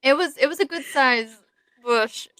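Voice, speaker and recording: A woman's voice: high-pitched, measured pace, heavy background noise. A young woman co-hosting a podcast, chatting casually with a rambling, giggly manner and many fillers. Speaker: podcast co-host. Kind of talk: casual chat.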